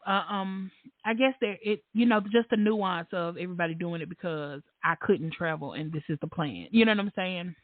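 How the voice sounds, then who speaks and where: A woman hosting a casual podcast, an animated storyteller who laughs often and acts out the voices of the people in her stories. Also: fairly low pitch, normal speed, no room sound. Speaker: podcast host. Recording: tinny phone-like line, dry.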